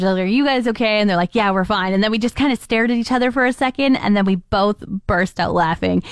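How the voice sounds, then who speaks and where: Woman, radio host, casual monologue, animated storytelling, mid pitch, dry studio sound. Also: clean tone, no room sound. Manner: animated storytelling, acts out quoted exchanges. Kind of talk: chatty monologue with listener call-outs.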